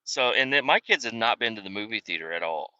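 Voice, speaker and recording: A man's voice: on the low side, expressive, quick pace, pushed and bright, no echo. A man in his thirties hosting a podcast, telling rambling, profane stories in casual talk and acting out what others said. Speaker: podcast host. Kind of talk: casual storytelling monologue. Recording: dull lo-fi sound.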